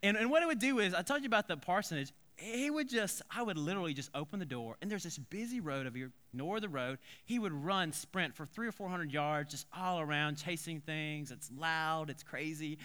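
A man, a pastor, telling stories in a sermon, animated and conversational, with quick asides and restarts. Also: a little high. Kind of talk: storytelling sermon. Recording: long hall reverb.

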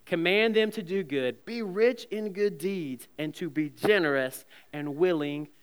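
A man in his thirties preaches a sermon, earnest and stumbling over repeated words. His voice is smooth, resonant and a little high. It rings with the long reverb of a church sanctuary. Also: a little slow. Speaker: pastor.

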